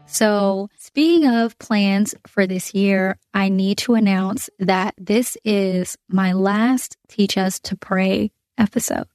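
A woman hosts a prayer podcast in an earnest, heartfelt way, pausing on fillers and restarting her sentences. Her voice sits in a middle pitch range. The sound is dry and close, with no room echo. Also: darkish tone, faint music behind. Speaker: podcast host. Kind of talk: prayer podcast, spoken prayer and reflection.

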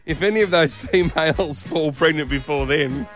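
A man's voice: a little high, unhurried, fairly bright tone, soft background music. A man with an Australian accent, co-hosting a breakfast radio show in casual banter, joking and teasing with mock-seriousness.

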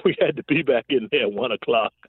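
In a casual interview, a former pro football receiver tells stories at a quick clip in a medium-pitched voice, laughing a lot and leaning on "you know what I'm saying." The audio is dry and tinny, like a phone line.

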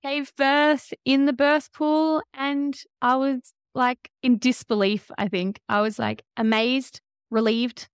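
Woman in her 30s sharing her story on a podcast, fairly high voice with some vocal fry, emotional, dry close sound. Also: flat delivery, slow pace, few pauses, no room sound. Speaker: podcast guest. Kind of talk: conversational interview.

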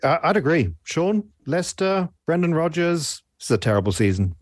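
Man, football show host, animated voice, playful, dry sound. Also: fairly high pitch, moderate pace, no echo. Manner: jokey, playful, laughs often. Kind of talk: hosting a football panel.

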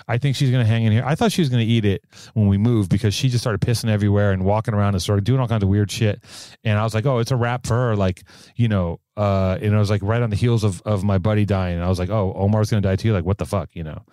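A man's voice: on the low side, fast, no echo, clean studio sound. A man co-hosting a podcast in casual, rambling, profane banter. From California. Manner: rambling, profane, animated riffing. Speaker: podcast co-host.

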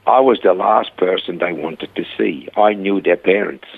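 A gravelly, husky man telling stories in a lively way in an interview, often acting out the voices of the people he quotes. His voice sits fairly low. It comes through narrow, phone-like radio audio. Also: normal speed. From Australia. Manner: animated storyteller, acting out quoted dialogue. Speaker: Christian rehab founder, interview guest. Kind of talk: storytelling interview.

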